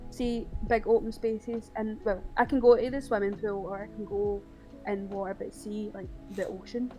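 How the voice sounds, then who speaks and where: A woman chatting on a gaming podcast, emotional and animated as she tells stories. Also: mid-range voice, normal speed, faint music behind, rough recording. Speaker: podcast guest. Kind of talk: casual chat.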